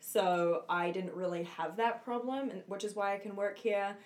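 A woman's voice: mid-range voice, moderate pace. A young woman with Canadian and New Zealand roots, co-hosting a podcast in a laid-back, teasing way. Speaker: podcast co-host. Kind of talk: casual podcast chat.

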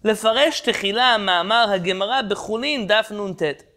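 A Torah teacher with a high-pitched, bright, forceful voice races through a Talmud class over a video call. He translates Hebrew terms, quizzes the class and jumps between points.

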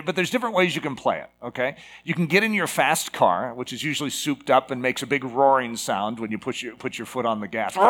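A man's voice: on the high side, bright, forceful tone. A man in his fifties giving a casual, conversational sermon to a live congregation, full of fillers and rhetorical asides.

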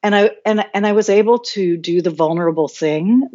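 A woman's voice: medium pitch, a little fast, dark tone, muffled recording. A woman guest telling a candid personal story, open and reflective, often restarting her sentences. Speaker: podcast guest.

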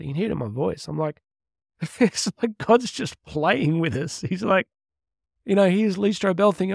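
A man's voice: high voice, normal speed, vocal fry, dry recording, clean studio sound. A middle-aged man hosting a podcast, talking in an earnest, chatty way with laughs and asides. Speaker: podcast host and Catholic speaker. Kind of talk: casual heartfelt podcast monologue.

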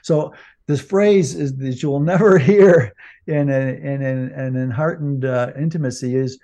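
Gravelly man rambling on a podcast. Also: mid-range voice, measured pace, dark tone, highs cut off. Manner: rambling, many fillers and restarts. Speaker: podcast co-host. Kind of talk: casual conversational podcast.

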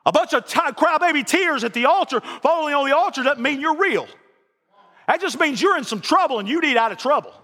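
A man's voice: extremely high pitch, animated, fairly quick, pushed and bright. A man preaching a sermon in a church, folksy and emphatic, repeating his phrases. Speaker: pastor. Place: church sanctuary. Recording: long reverb of a large hall.

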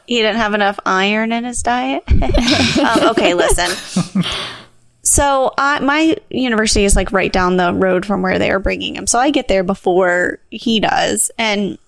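A young adult woman co-hosting a podcast, telling a story in casual chat, animated and laughing as she acts out what people said. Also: medium pitch, measured pace, gravelly, no echo. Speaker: podcast co-host.

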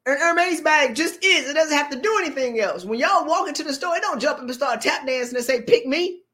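A woman hosting a podcast, giving a motivational talk in an animated, playful, colloquial way. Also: high voice, brisk. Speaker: podcast host.

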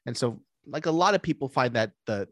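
Animated joking man, dry close sound. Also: mid-range voice, brisk, no room sound. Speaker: podcast co-host. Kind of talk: casual chat.

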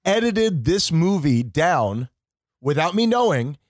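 A man's voice: fairly high pitch, very animated, slow pace, no echo, clean studio sound. A hungover man in his thirties, co-hosting a casual comedy podcast, telling exasperated, profane stories. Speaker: podcast co-host.

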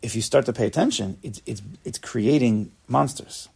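A man teaching a Torah class in a gravelly, husky voice. He speaks emphatically, doubling back on words and mixing Hebrew terms into his English. His pitch sits in an everyday middle range. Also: animated, normal speed, a little mellow. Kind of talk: spoken Torah lecture.

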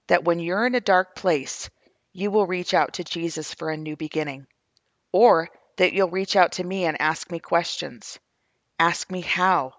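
Earnest grieving mother, gravelly voice. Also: fairly low pitch, a bit bright, no room sound, dull audio. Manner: earnest, questioning, heartfelt. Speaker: grieving mother sharing her faith testimony. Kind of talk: reading her own journal posts aloud.

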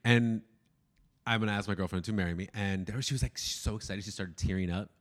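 A young man with a low voice tells a story on a casual chat show. He acts out everyone's lines, jumping up in pitch for their voices, and laughs along as he goes. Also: fast talker. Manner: animated, acts out quoted voices, laughs often. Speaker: podcast co-host.

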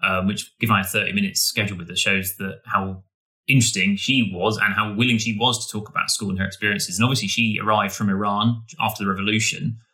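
A man's voice: on the low side, steady tone, fast talker, sharp tone. A man co-hosting a podcast, talking in an enthusiastic, rambling way with many restarts. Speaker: podcast co-host. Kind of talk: casual podcast chat.

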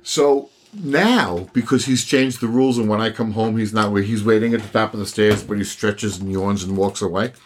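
An older man on a podcast, telling stories in a casual, animated way, swearing and laughing often. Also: fairly low pitch, moderate pace, few pauses. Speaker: podcast host. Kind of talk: casual chat.

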